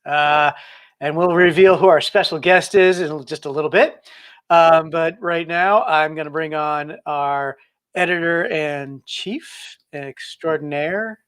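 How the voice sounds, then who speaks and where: A man hosting a casual sailing chat show, relaxed and joking with plenty of fillers. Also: on the high side, takes it slowly, clean tone. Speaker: podcast host.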